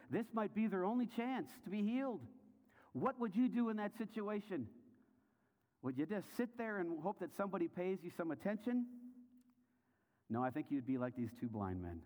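A man preaching a sermon as a story. He asks the listeners questions, and his voice moves between hushed, low passages and rising, intense ones. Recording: long hall reverb.

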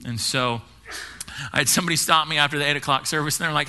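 A young adult man preaching a sermon at a live-streamed church service, from the United States, talking fast and often restarting and repeating words. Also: mid-range voice, bright, forceful tone, a little hiss or hum. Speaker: pastor.

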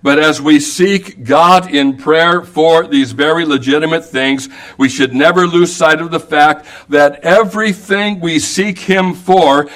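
A man preaching an evangelical sermon, slow and emphatic, quoting King James scripture at length. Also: a little high, fairly bright tone.

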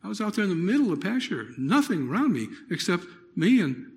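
A middle-aged man preaching a personal testimony, telling it dramatically with loud exclamations and hushed, near-whispered moments. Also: sits high, very animated, fast talker. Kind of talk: sermon testimony.

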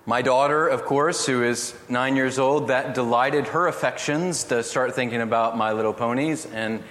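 A middle-aged man preaching a sermon, telling family stories in an earnest, gently humorous way. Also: mid-range voice, fairly even intonation, normal speed. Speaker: pastor. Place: church hall. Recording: echoey hall from far off, faint noise.

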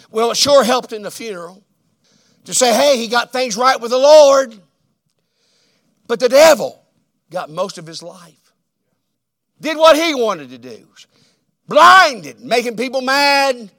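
Male preacher, sermon delivery, high and gravelly, with a loud-to-hushed dynamic swing. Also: animated. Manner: swings between loud emphatic declarations and hushed, drawn-out phrases.

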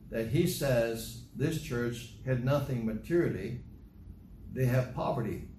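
A man preaching a sermon, reading scripture slowly and stressing words by repeating them. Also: medium pitch, a little mellow. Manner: emphatic, repeats phrases, reads scripture slowly. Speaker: pastor. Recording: echoey room with faint noise.

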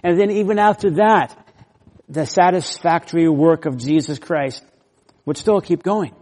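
Male preacher, slightly high voice, emphatic Bible teaching, long hall echo. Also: a little slow, a little mellow. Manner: emphatic, leans hard on key words. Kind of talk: expository sermon.

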